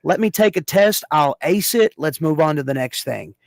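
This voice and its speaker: A man hosts a casual podcast conversation, talking in a halting, rambling way full of fillers and restarts. His voice sits a bit high for a man. The sound is dry and close, with no room echo. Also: lively intonation, gravelly. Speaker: podcast host. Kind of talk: casual chat.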